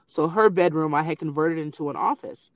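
A middle-aged woman in casual conversation, telling family stories in an animated way. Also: sits low, fairly quick, dry recording, dull audio. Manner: animated storyteller who acts out quoted voices. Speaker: grieving mother sharing memories.

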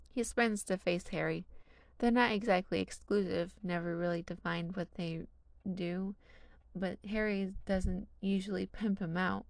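A woman's voice: on the low side, steady tone, unhurried, vocal fry, dry recording. A woman narrating a fan fiction story in a casual, wry reading style.

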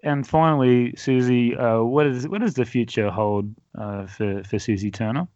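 A man hosting a podcast, asking questions in a relaxed, teasing way. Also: mid-range voice, moderate pace, no echo, muffled recording. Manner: playful, teasing, laughs along. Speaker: podcast host. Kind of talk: casual podcast interview.

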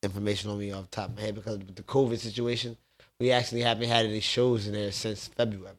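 A man's voice: fairly low pitch, flat delivery, fast. A man, telling stories in a laid-back, streetwise way in a podcast studio. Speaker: bar owner guest. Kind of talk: casual storytelling.

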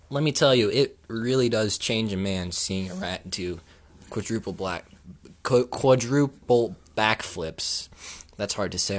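A man hosting an improvised comedy podcast, talking deadpan and mock-sincere with halting restarts. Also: lowish voice. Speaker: podcast host.

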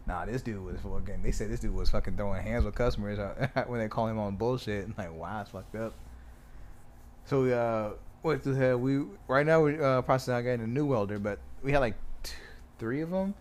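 A man telling a story in casual chat, swearing freely and acting out the quotes loudly. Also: on the low side, fairly quick. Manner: animated, swears a lot, acts out quotes loudly.

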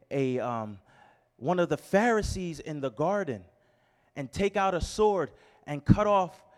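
A man preaching a sermon as pastor, swinging between fervent shouting and quiet storytelling, with repeated rhetorical questions. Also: high-pitched.

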